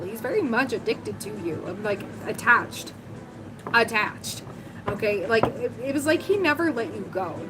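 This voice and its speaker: A woman's voice: a little high, background noise. A woman giving a livestream tarot reading, talking casually and thinking aloud with lots of fillers. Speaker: tarot reader. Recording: music playing under the voice.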